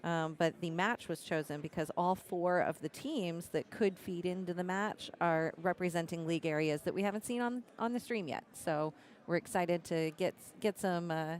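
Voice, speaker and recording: A woman co-hosting a pool tournament live stream announces upcoming matches informatively, laughing easily. Her voice is on the low side, at a moderate pace with few pauses.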